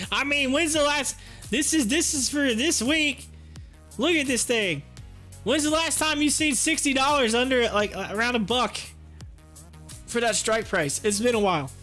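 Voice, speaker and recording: Man, stock live-stream host, jokey, laughs a lot, crisp bright voice. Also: very high-pitched. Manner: jokey, laughs often, slips into mocking voices. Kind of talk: casual live-stream commentary.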